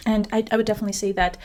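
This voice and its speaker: A woman vlogger reviewing tech products in a casual, chatty way, self-deprecating and quick to laugh. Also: mid-range voice, a little mellow.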